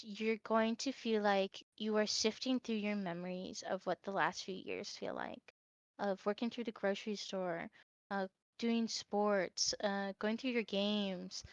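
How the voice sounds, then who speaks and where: A woman narrating a tabletop game as game master. She talks casually and fills her pauses with "um" and "uh". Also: medium pitch, fairly bright tone, smooth, no room sound, muffled recording. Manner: casual, with many fillers like "um" and "uh".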